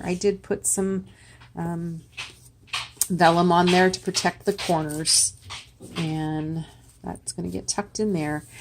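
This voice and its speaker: Woman in her sixties, low voice, chatty, sentimental, rambling asides, craft vlog. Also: slight background noise. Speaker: crafter showing her handmade memory book. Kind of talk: casual show-and-tell vlog.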